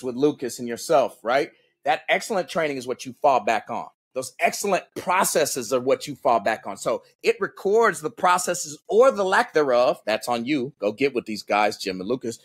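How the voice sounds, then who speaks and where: Husky-voiced man telling stories. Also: mid-range voice. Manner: animated storyteller, acts out quotes, peppers talk with "right?" and "bro". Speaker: podcast guest, combat coach. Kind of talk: casual podcast conversation.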